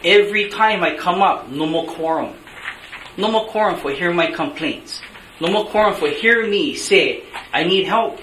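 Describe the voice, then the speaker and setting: A man with a Hawaiian Pidgin lilt delivers angry, blunt public testimony at a meeting. His voice is bright and edgy and sits a little high. The recording carries the echo of a big meeting room and a faint hiss. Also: lively intonation, moderate pace. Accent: Hawaiian Pidgin-tinged English.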